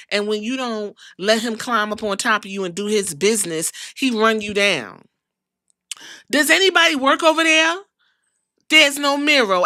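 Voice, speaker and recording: A woman hosting a podcast, ranting in casual commentary with an incredulous, profane, animated manner. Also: a little high, no echo, clean studio sound. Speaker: podcast host.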